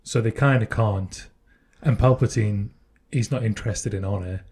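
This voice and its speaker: A man's voice: lowish voice, normal speed, darkish tone, breathy edge. A man co-hosting a podcast, chatting casually and speculating thoughtfully, often restarting his sentences. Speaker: podcast co-host. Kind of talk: casual chat.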